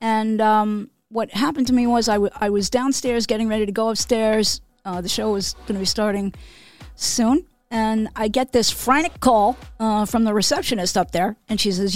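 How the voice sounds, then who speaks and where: A woman's voice: fairly high pitch, normal speed. Chatty swearing woman telling stories. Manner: swears freely, laughs, lots of "okay?" and "you know". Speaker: podcast co-host. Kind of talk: casual storytelling.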